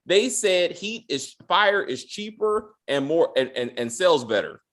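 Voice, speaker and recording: A man hosting a casual, profane TV review chat, animated and full of hesitations, mocking characters in squeaky voices. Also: unhurried, few pauses. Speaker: podcast host.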